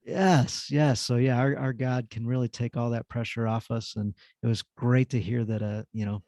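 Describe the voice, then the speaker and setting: A man's voice: medium pitch, level tone, moderate pace, a little mellow, no echo, clean studio sound. A man hosting a podcast, telling stories with enthusiasm and affirming his guest. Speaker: podcast host. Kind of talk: casual podcast interview.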